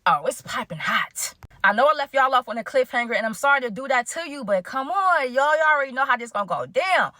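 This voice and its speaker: A woman's voice: high-pitched, fast talker, hardly any pauses, no echo. A woman telling a casual story time to her chat, acting out the quoted dialogue. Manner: animated, acts out quoted dialogue.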